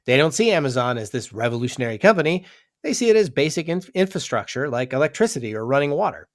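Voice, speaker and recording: A man's voice: medium pitch, sing-song, fast talker. A man co-hosting a podcast in casual scripted banter, upbeat and reading segues and sponsor lines. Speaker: podcast co-host.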